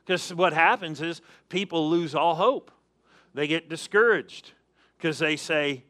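A man's voice: on the high side, measured pace, bright, forceful tone. A man preaching a sermon as pastor, emphatic, calling on the congregation to answer and repeating key phrases.

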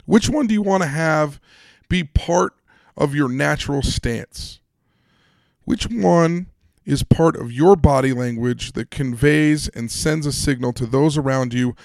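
A man's voice: on the high side, a little slow, vocal fry, a little mellow, no echo, studio quality. A man hosting a solo motivational podcast, upbeat and speaking straight to his listeners with questions and instructions. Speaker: podcast host.

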